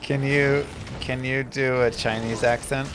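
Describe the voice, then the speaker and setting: A man's voice: medium pitch, little pitch movement, measured pace, background noise. A man live-streaming a game, talking in a dry, teasing way with some stammering. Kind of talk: casual live-stream chat.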